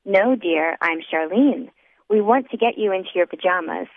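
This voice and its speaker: A woman voicing a gentle, patient nun in an audiobook, speaking softly and low. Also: normal speed, no echo, close to an everyday voice. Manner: soft, low and kindly. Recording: dry, tinny phone-like sound.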